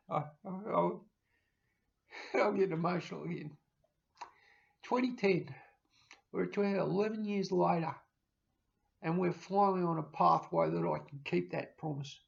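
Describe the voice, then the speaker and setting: A middle-aged man, rambling emotionally to camera in a farewell vlog, breaking into loud mimicry and laughter. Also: high voice, moderate pace, creaky, pauses often. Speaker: YouTuber signing off. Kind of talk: casual personal talk to camera. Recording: dull lo-fi home recording.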